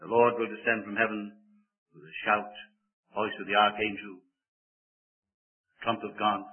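An older man preaching a sermon in a church, moving between loud, emphatic declaiming and quiet, joking asides to the congregation. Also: fairly low pitch, little pitch movement, a little slow. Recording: tinny phone-like sermon recording.

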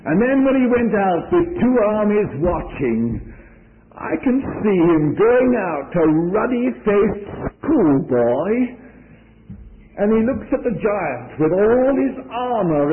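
A man preaching a sermon, telling a story with lively acted-out voices. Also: high voice. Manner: animated, acts out voices. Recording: tinny lo-fi recording in a hall.

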